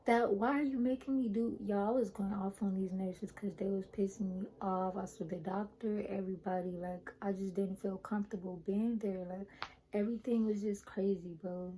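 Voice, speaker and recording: A young woman vlogger chatting casually to her viewers, retelling a personal story in an animated way. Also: mid-range voice, moderate pace, a little hiss or hum, rough recording.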